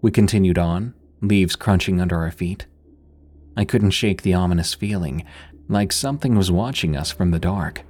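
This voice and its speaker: Deep husky man narrating horror. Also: a little mellow. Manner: measured, suspenseful storytelling.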